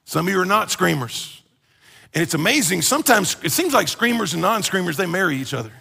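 A man preaching a conversational sermon as pastor, animated and joking, acting out everyday complaints. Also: high-pitched, brisk, gravelly, husky, long reverb tail.

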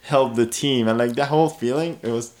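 A man tells a story in a casual chat. He gets excited and swears freely as he talks. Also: medium pitch, a little fast, noisy background. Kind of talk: casual conversation.

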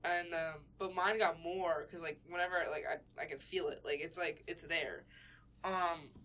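A woman's voice: lowish voice, fairly even intonation, normal speed, pushed and bright. A young woman co-hosting a podcast in casual chat, giggling often and filling her talk with "like". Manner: giggly, frequent "like" fillers. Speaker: podcast co-host.

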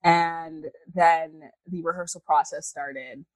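A woman actor being interviewed over a video call, an animated storyteller who laughs and slips into voices. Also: low-pitched, slow, dry recording, soft background music, poor audio. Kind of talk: casual interview chat.

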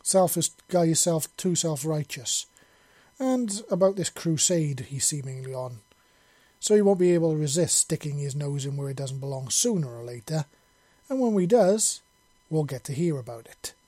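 A man voicing a gruff, scheming army sergeant who talks bluntly and swears. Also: fairly high pitch, animated, moderate pace, warm tone, no room sound.

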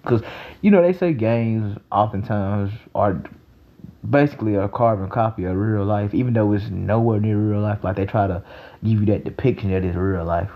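A young man talking in a casual, rambling monologue, excitable and profane, breaking into loud laughs. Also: on the low side, moderate pace, highs cut off. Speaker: vlogger.

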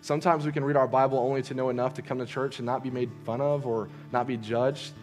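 A young man preaches in a loose, conversational way, telling a story full of fillers and quick restarts. His voice sits at an ordinary middle pitch. Soft music plays faintly under him. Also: little pitch movement. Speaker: youth preacher. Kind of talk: casual sermon storytelling.

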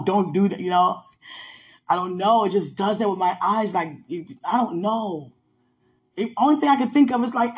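A woman chatting on a faith podcast call. She swings between hushed murmurs and loud, laughing outbursts, and keeps telling herself to calm down. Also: fairly low pitch. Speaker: podcast co-host. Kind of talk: casual faith chat on a call.

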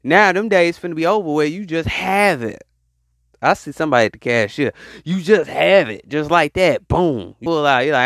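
A man's voice: on the high side, a bit bright, no room sound, clean studio sound. A man hosting his podcast, preaching. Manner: call-and-response exhortation, drawn-out hype. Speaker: podcast host. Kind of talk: motivational preaching monologue.

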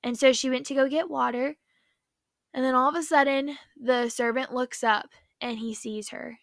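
A young woman retelling a Bible story in a casual, excitable, chatty way and saying "like" often. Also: high-pitched, moderate pace, creaky, no room sound, clean studio sound. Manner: excitable, chatty, heavy use of "like". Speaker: faith vlogger.

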